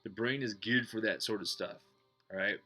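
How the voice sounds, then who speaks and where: Blunt, bright-voiced man teaching meditation. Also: fairly low pitch, soft background music. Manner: blunt, profane, joking; slows and softens when guiding breathing. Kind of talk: casual explanatory talk.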